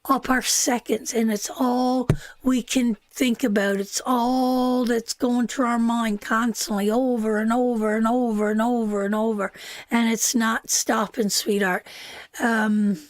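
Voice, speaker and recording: A Canadian tarot reader gives a live reading in a soothing, repetitive way, reading chat messages aloud and answering them while repeatedly calling the listener sweetheart. Her voice is fairly high, flat, and measured, recorded dry.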